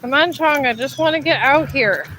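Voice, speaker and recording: A woman's voice: high-pitched, moderate pace, sharp tone, a little hiss or hum, rough recording. Weary woman coaxing her dog outdoors. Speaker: dog owner livestreaming a walk. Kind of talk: casual live vlog. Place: outdoors on a hilly street walk.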